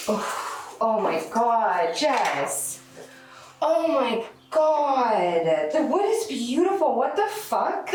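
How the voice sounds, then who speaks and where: High, gushing woman heard from far off. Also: very animated, drawn-out words, a little mellow, a little hiss or hum. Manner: gushing, swearing, laughing through tears. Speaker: gift recipient. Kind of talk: casual emotional chat. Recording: echoey, distant camera mic with music.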